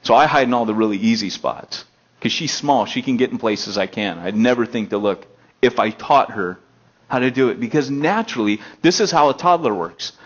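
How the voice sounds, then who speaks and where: A male pastor preaching a conversational sermon, moving between emphatic raised passages and low, quiet stretches. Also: a little fast, dull audio. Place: elementary school meeting hall.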